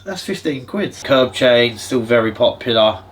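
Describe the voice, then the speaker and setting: A man's voice: mid-range voice, expressive, normal speed, slight background noise. A man, a jeweller chatting casually as he walks through prices and gold tests in his shop. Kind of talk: casual explaining to camera and customer.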